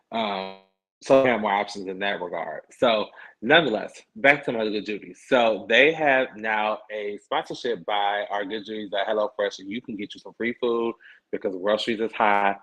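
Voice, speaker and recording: A man's voice: fairly low pitch, normal speed, fairly bright tone. A man hosting a podcast livestream, chatting casually in a sassy, slangy way. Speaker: podcast host. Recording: dull lo-fi stream audio.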